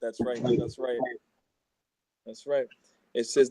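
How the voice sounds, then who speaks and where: A man in a casual religious discussion who reads scripture aloud, starting in a halting way with many ums before moving on to his own comments. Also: medium pitch, little pitch movement, warm tone, no room sound. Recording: noisy recording with clicks.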